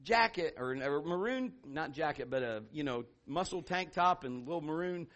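A middle-aged man preaching a sermon, telling a story with animated swings from hushed asides to loud exclamations. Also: fairly high pitch, normal speed. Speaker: pastor.

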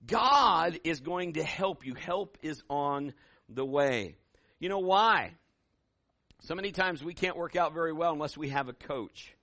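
A middle-aged man preaching a sermon as pastor, telling stories and acting out voices, building to loud emphatic peaks. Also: on the high side, lively intonation, a little slow, dry recording.

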